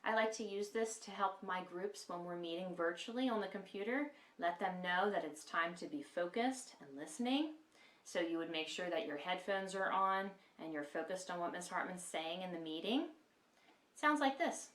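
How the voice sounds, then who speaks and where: A woman teaching a kindergarten lesson to young children in an animated, sing-song voice, recorded in a classroom. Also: on the low side, normal speed, recorded from a distance. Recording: echoey room, mic set back.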